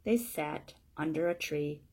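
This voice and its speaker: Low, slow, gravelly woman reading a storybook. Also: background noise. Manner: plain, steady, sentence-by-sentence reading. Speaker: storybook reader. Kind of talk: reading a children's story aloud.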